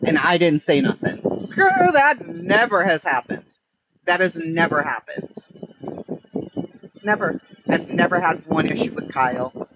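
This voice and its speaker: A man, an online streamer, ranting in blunt, profane, emphatic commentary. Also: fairly high pitch. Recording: muffled with steady background noise.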